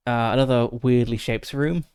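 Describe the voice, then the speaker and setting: A man's voice: medium pitch, steady tone, normal speed, darkish tone, clean tone, no room sound. A man casually narrating his solo tabletop game, methodically thinking aloud through dice rolls and rules with frequent fillers, into a close desk mic.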